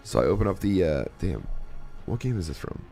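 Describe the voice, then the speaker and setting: A man with a low voice rambles through a story to his stream, interrupting himself and swearing freely. His pitch swings widely as he tells it, and faint music plays behind him. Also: big pitch swings, a little fast, creaky, dark tone. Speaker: streamer host. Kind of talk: casual storytelling to a live chat.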